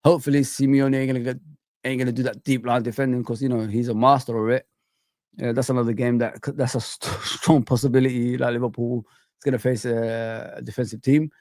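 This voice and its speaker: Chill dude doing a live footy stream, slangy, dry close mic. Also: male voice, medium pitch, level tone, brisk, no echo. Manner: chatty and laid-back, slangy, shouting out viewers. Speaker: football channel host. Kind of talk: casual live-stream commentary.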